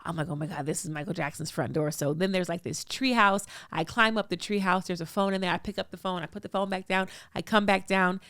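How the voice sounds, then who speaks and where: A woman in her thirties from Los Angeles, hosting a casual solo podcast and talking in a chatty, expressive way with lots of "like". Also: mid-range voice, fairly quick, few pauses, smooth, dry recording, clean studio sound. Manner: chatty and expressive, heavy use of "like". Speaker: podcast host.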